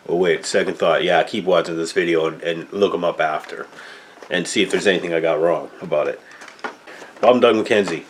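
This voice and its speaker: A man's voice: deep voice, a little hiss or hum. A man in his fifties from Canada with a Canadian accent, rambling loosely through a casual movie talk, full of fillers and tag questions. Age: 50s. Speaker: movie reviewer.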